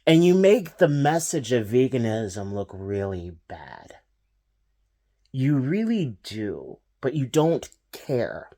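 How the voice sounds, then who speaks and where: Male commentary host, mid pitch, scornful ranting delivery. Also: sing-song, takes it slowly, warm tone. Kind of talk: reaction commentary.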